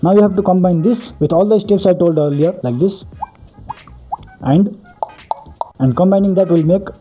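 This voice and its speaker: A man's voice: high-pitched, moderate pace, dark tone, faint music behind. A man hosting a beatbox tutorial, explaining each step earnestly and repeating "really, really" for emphasis.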